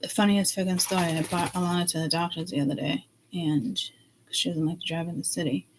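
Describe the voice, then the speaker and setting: A middle-aged woman talks her way through a tarot reading in a loose, rambling style. Her voice sits on the low side. She is chatty and blunt and swears freely, with faint background noise behind her. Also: fairly even intonation, quick pace. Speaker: psychic tarot reader. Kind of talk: casual rambling intuitive reading.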